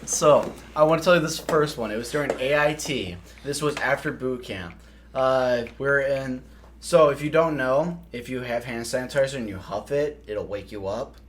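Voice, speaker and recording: A young man from South Dakota, USA, hosts a podcast, telling rambling, profane stories in casual chat and laughing mid-story. His voice is medium-pitched at a moderate pace, with slight background noise.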